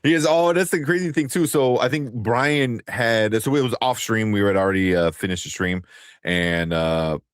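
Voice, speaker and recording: A man in his thirties co-hosting a casual chat, acting out stories about his kids with big jumps in pitch. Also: moderate pace, clear, resonant tone, no room sound, studio quality. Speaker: podcast co-host.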